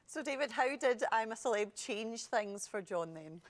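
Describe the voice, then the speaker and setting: A woman presenting an entertainment news show, bright and playful. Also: on the high side, animated, moderate pace. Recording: music underneath.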